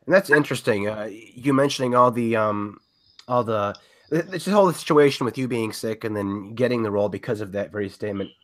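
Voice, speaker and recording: Halting man host, raspy. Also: on the low side. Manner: halting, with many fillers. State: raspy from a recent illness. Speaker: podcast host. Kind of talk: casual podcast interview.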